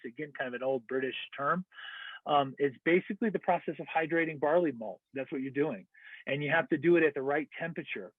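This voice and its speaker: A man's voice: fairly high pitch, dry recording. An American man giving an online lecture, explaining step by step with fillers and self-corrections. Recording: tinny phone-like dry audio.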